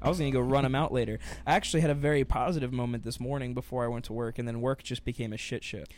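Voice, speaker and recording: A young man co-hosting a casual comedy podcast, telling profane, animated stories with sudden loud bursts. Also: medium pitch, very fast, a little hiss or hum. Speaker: podcast co-host.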